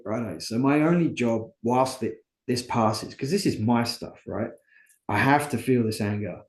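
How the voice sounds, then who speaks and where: A man's voice: on the low side, a little mellow, echoey room. A man as an interview guest, talking candidly and earnestly about his own life, often asking and answering his own questions. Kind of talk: candid conversational storytelling.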